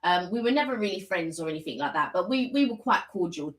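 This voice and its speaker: A woman's voice: on the low side, lively intonation, fast talker, reverberant. A woman co-hosting a casual live stream, trading dry quips and short reactions with her partner.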